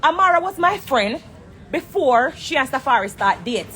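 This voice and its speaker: Jamaican woman, high-pitched, confrontational, swears freely, live from an airport on her phone. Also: big pitch swings, moderate pace, pushed and bright, a little hiss or hum. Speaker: entertainer on a social media live. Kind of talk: heated live-stream rant. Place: airport corner, indoors.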